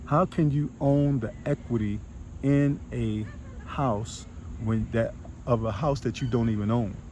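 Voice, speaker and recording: A man's voice: mid-range voice, measured pace, a little mellow. A man, a financial coach, talking casually to camera, repeating his points and asking rhetorical questions. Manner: repetitive, emphatic, rhetorical questions. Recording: outdoor traffic noise.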